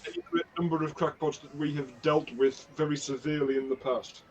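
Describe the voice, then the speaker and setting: A man playing a tabletop game, speaking in a solemn, measured way. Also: on the high side, steady tone, distant mic. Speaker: player. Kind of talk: tabletop game role-play. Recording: dull lo-fi mic with faint hiss.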